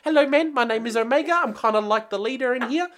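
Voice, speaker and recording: Man putting on a breezy young New Zealand girl clone, high and friendly. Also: quick pace, a bit bright. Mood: jokey. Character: cheerful young girl clone, laid-back.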